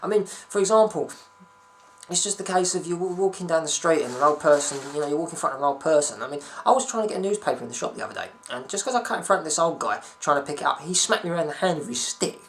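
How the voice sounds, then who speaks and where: A man's voice: fairly high pitch, animated, fast talker, fairly bright tone, slight background noise. A young man ranting to camera at home in a rambling, sweary, sarcastic way. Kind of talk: casual ranting vlog.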